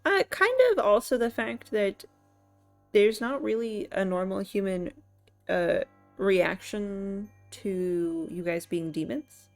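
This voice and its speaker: Slow, rambling woman game master. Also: mid-range voice, gravelly, faint music behind. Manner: rambling, filler-heavy, amused. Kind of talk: narrating a tabletop game.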